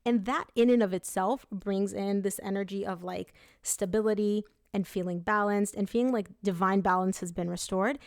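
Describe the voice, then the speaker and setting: A woman reads tarot cards in a chatty, upbeat way, speaking straight to her viewers. Her voice sits at a middle pitch. It is close and dry, with no room echo. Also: fairly even intonation, normal speed, vocal fry, few pauses, darkish tone. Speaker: tarot reader. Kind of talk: tarot reading monologue.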